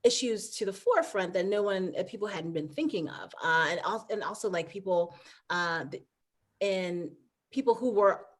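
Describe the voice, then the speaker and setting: A woman's voice: medium pitch, lively intonation, moderate pace. A woman guest in a casual interview, talking in a rambling way with frequent restarts and fillers and laughing easily. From United States. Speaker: guest, trail runner and author.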